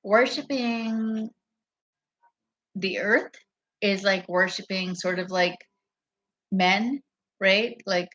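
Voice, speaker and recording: Slow-talking rambling woman vlogger. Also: medium pitch, a bit bright. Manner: meandering, profane, loses her train of thought. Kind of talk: rambling casual monologue to camera. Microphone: camera mic.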